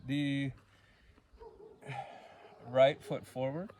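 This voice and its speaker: A man leading a yoga class, cueing poses and breaths in a calm, unhurried way and counting the holds. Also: medium pitch, slight background noise. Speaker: yoga instructor. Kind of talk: guided yoga class instruction.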